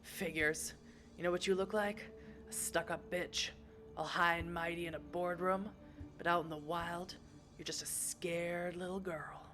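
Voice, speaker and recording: A woman voicing a hostile male vampire thug with a gruff voice and crude, menacing taunts. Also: fairly low pitch, fairly even intonation, measured pace, fairly bright tone, soft background music. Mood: taunting.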